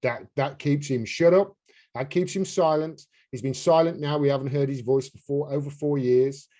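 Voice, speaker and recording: A man's voice: on the high side, normal speed, mellow. A man hosting a casual political chat, talking in a heated, indignant way and swearing freely. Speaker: podcast host.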